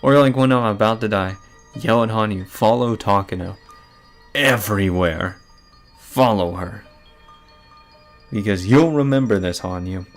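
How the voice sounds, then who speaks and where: Low gravelly guy commenting bluntly. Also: a little slow, pauses often, soft background music. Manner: blunt, swears freely. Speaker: let's play host. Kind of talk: casual commentary on a visual novel.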